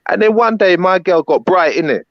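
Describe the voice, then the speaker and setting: A man's voice: high voice, lively intonation, brisk, dry recording, lo-fi sound. A man telling a long, rambling story in casual chat, full of fillers and "innit".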